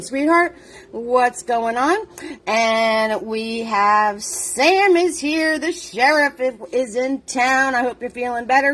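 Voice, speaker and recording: A woman's voice: on the high side, a bit bright. Bubbly woman hosting a live paint class. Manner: bubbly, chatty, greets viewers by name. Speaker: paint party host.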